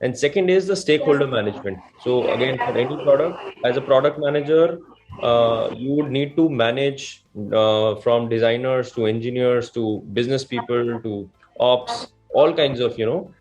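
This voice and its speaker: A man answering as a panelist, halting and repeating words, often ending with "right?". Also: medium pitch, darkish tone, soft background music. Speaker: panelist, co-founder.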